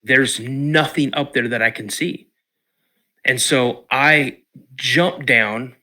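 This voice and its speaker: A man from the Pacific Northwest of the US, a podcast guest telling a personal story in an emotional, halting way. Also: mid-range voice, pushed and bright. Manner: emotional, halting retelling with restarts.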